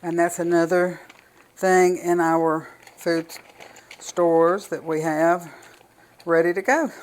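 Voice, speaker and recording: A woman's voice: lowish voice, flat delivery, slow, poor audio. Older woman, Southern US accent, folksy and chatty, home kitchen cooking demo. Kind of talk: casual cooking demonstration.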